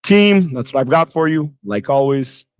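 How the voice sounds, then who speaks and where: A man teaching a pronunciation lesson, demonstrating sounds with lively exaggeration. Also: medium pitch, normal speed. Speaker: English teacher.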